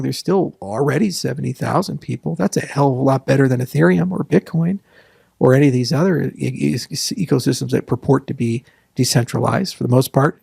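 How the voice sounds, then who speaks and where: A man's voice: mid-range voice, creaky, a little mellow, husky, dry recording, clean studio sound. A man talking as an interview guest, rambling through long answers and listing points, with sarcastic asides. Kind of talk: casual interview talk.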